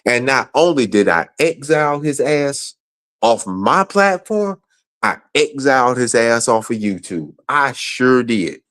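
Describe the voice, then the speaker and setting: A man's voice: mid-range voice, very animated, unhurried, fairly bright tone. A man angrily ranting on a livestream, profane and repeating himself. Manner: angry, profane, repetitive. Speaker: guest. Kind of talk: heated livestream rant.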